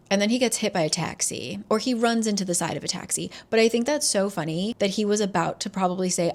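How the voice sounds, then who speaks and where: Book vlogger lady, chatty recap, laughs a lot, swears, mid-pitched voice. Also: brisk, hardly any pauses. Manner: animated, laughing, profane.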